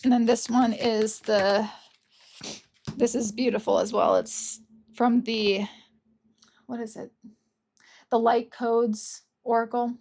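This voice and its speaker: A woman doing a casual, gentle pick-a-card tarot reading, gushing over the cards and openly emotional. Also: a little high, steady tone, slow, pauses often, a little hiss or hum. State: tearful at times. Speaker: tarot reader.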